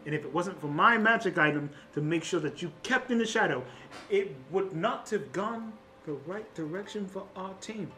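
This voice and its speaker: A man voicing a boastful male fire genasi inventor and shopkeeper, pitching himself like a grand salesman. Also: expressive, moderate pace, sharp tone, slight background noise.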